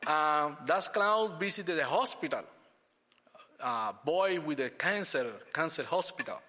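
A man's voice: a little high, animated, pushed and bright, in a large hall. Man giving church testimony. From Cuba. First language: Spanish. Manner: halting non-native English with frequent restarts.

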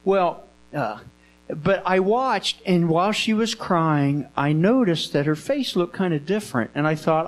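A man teaching children a Bible lesson, telling the story in first person in a gentle, coaxing voice with slow, repeated phrases, in a room with children. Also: a little high, animated, low-quality recording. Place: indoor room with children present.

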